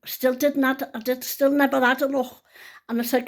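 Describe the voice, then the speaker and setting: An older woman with a Liverpool accent tells a heartfelt story from her own life. Her voice sits a little high, and she talks in a chatty way, full of local dialect. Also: little pitch movement, moderate pace. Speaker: vlogger. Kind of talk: emotional personal storytelling.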